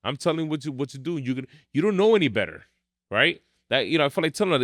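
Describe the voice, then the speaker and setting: A man's voice: a little high, expressive, fast, a bit bright, no room sound, studio quality. A middle-aged man, a martial arts school owner telling blunt, emphatic stories in a podcast interview.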